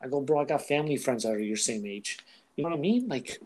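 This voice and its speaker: Male comedian, podcast co-host, casual and animated storyteller. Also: mid-range voice, fast. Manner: animated storytelling, acts out voices.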